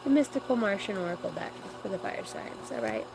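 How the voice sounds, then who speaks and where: A woman's voice: mid-range voice, huge pitch swings, brisk, background noise. Playful woman reading oracle cards live. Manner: playful, joking, chatty. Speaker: oracle card reader. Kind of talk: live-stream card reading.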